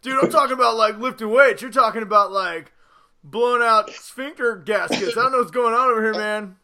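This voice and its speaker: A man, the show's host, voicing a loud boastful musclebound gym bro who shouts, whoops and brags. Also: extremely high pitch, fairly quick, exaggerated voice. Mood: bragging.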